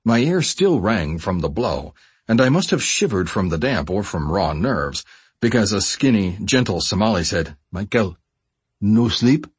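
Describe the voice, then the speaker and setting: A man reading a first-person memoir audiobook in a measured, expressive storytelling voice. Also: low voice, slightly rough, dry recording. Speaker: audiobook narrator.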